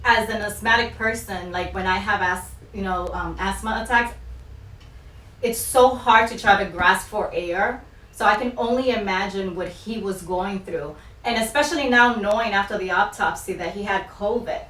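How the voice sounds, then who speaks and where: A woman's voice: medium pitch, normal speed, a bit bright. A woman co-hosting a podcast, speaking in a heartfelt, emotional way. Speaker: podcast co-host. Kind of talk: casual discussion. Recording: roomy echo, distant mic, faint hiss.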